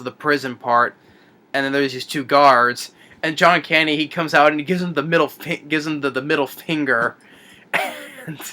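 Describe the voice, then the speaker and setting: A man recapping a favorite comedy film in a casual, rambling way, with many restarts and fillers and acted-out movie lines. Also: pushed and bright. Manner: acts out movie lines in a higher voice. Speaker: film reviewer.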